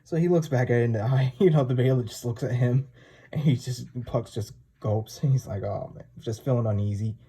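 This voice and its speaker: Mellow man rambling through a recap. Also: medium pitch, fairly quick, husky. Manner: rambling, full of "like" and "you know". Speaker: comic reviewer. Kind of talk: casual chapter recap.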